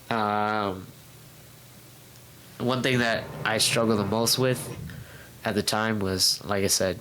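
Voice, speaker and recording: A young man with a fairly low voice tells his personal story in a relaxed interview at home. He speaks candidly and haltingly, with frequent fillers and restarts, and slips into quoting his past self. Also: poor audio. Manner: acts out his past self in quoted outbursts. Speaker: guest. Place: home room.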